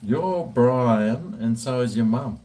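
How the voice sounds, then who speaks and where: A man's voice: mid-range voice, lively intonation, slow pace, dark tone. A man, rambling and swearing freely in casual chat while drinking. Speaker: vlogger.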